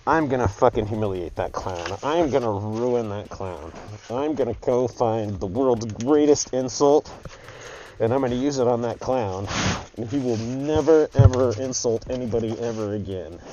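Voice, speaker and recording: A man playing a young man stung by public humiliation, vowing revenge in a plain, mid-pitched voice. The recording sounds a little muffled, with a faint hiss underneath. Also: expressive, quick pace, hardly any pauses, close to an everyday voice. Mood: vengeful.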